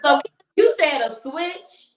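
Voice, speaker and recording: Slow-talking woman co-host in a roomy space. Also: sits high, sing-song. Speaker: podcast co-host. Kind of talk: casual chat.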